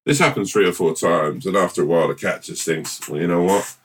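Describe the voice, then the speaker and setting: A man co-hosting a podcast, chatting casually and telling a rambling, playful made-up story with halting restarts. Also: sits low, recorded from a distance. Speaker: podcast co-host. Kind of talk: casual chat and improvised storytelling.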